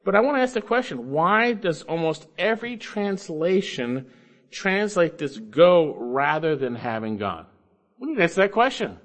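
A man preaching an expository sermon, emphatic, coaxing listeners along with rhetorical questions and swinging between loud stresses and low asides. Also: big pitch swings, moderate pace. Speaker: preacher teaching Bible grammar.

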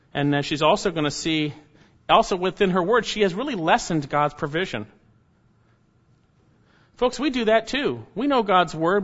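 A man's voice: high-pitched, fairly bright tone. A male pastor preaching an expository sermon, stressing key words with sudden rises. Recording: dull lo-fi recording.

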